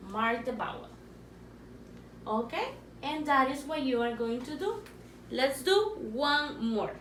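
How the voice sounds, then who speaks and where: A woman with a Spanish accent teaches a phonics lesson, speaking slowly and patiently in a high voice and repeating each word for young learners. Her voice rings in an echoey room with a faint background hiss. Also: a bit bright. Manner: slow, patient, repeats words for children.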